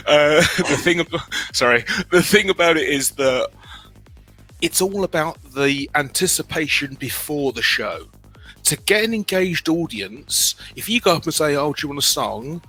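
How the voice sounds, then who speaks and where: Bright-voiced British man, animated storyteller. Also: fairly high pitch, slow pace, faint music behind, poor audio. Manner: animated, self-deprecating, many restarts. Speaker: guest. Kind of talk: candid personal storytelling.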